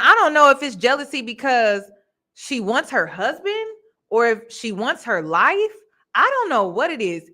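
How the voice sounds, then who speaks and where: A woman hosting a commentary channel, reacting casually with emphatic, drawn-out phrases. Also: on the high side, sharp tone.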